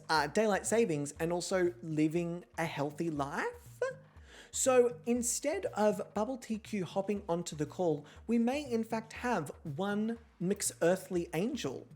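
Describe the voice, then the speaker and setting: A woman's voice: lowish voice, a little mellow. A woman hosting a live-streamed online show, chatty and joking with a theatrical edge. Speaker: host.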